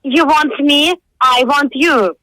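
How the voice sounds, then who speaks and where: A woman's voice: sits high, slow pace, sharp tone, no echo. Young woman, Russian accent, native Russian speaker, blunt, irritated, broken English, phone call. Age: 20s. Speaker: prank call target.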